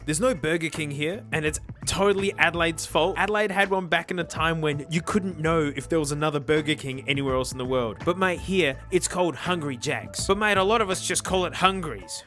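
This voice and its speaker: A man from South Australia with an Australian accent, hosting a comedic video monologue in an excitable, slangy way and constantly saying "mate". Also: fairly high pitch, brisk. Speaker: tech reviewer and host. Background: background music.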